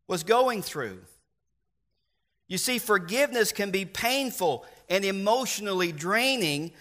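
A man delivers a church sermon in a high, bright, ringing voice. He preaches earnestly, leaning on words with slow emphasis. He repeats key refrains. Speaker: pastor.

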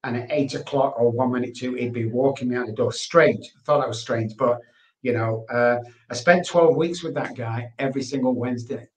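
A man's voice: medium pitch, a little fast, darkish tone. Guy telling his life story, earnest, keeps repeating stuff, echoey room. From England. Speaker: guest. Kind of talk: candid personal testimony. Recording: roomy, echoey sound.

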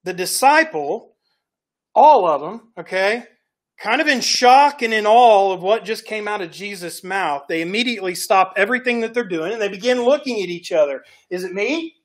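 A man's voice: high voice, expressive, moderate pace. A male pastor preaching a sermon in a folksy storytelling way, often checking in with "right?" and "okay?". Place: church sanctuary.

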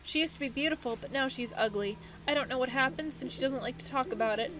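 A woman's voice: high-pitched, fast, music in the background, voice pushed up, lightly acted, rough recording. A woman voicing a rage-addled female dryad from a video game, swinging between hostility and apology. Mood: confused. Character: rage-addled female dryad, tree spirit, erratic and snappish. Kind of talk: reading game dialogue aloud.

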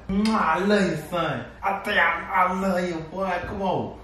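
Young man, joking and cursing; off-mic, boomy room, noisy. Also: steady tone, unhurried, sharp tone, recorded from a distance. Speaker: boyfriend and father. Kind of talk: casual chat and baby talk. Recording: very echoey room, heard from off-mic, noisy background.

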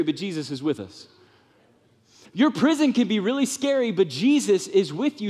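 A man preaching a sermon in a church with lively, animated delivery, sometimes softening to a hushed, comforting tone. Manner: animated preaching, drops to soft tones for comfort, rises high for emphasis. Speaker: pastor. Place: church sanctuary. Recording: long reverb of a church hall.

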